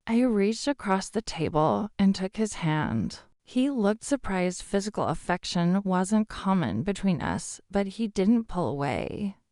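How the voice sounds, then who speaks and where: A woman narrating a first-person family story in a measured, scripted storytelling delivery. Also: medium pitch, expressive, mellow, no room sound, studio quality.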